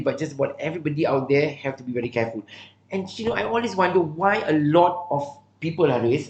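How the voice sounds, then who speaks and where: A man's voice: fairly high pitch, roomy sound, slight background noise. A Malaysian man hosting a casual live-stream chat, telling a story in a meandering, rambling way and slipping in Malay phrases. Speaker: host.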